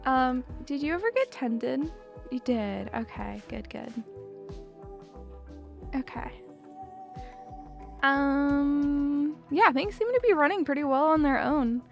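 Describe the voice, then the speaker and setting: A woman's voice: sits high, animated, takes it slowly, vocal fry, pauses often, muffled recording, faint music behind. A young woman hosting a livestream, chatting casually with her chat and laughing often. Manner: giggly, chatty, lots of laughing. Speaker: streamer host.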